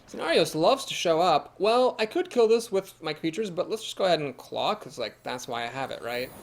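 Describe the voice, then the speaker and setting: This young Ohio streamer's voice runs high with big pitch swings, and he talks a little fast in a Midwestern American accent. Chatty and laughing easily, he thinks aloud about his card game while reading and answering chat comments.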